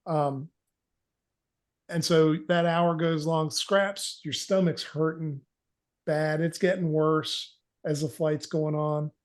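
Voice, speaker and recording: A man narrating as game master of a tabletop horror game, relaxed and folksy, laughing now and then. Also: fairly high pitch, slow pace.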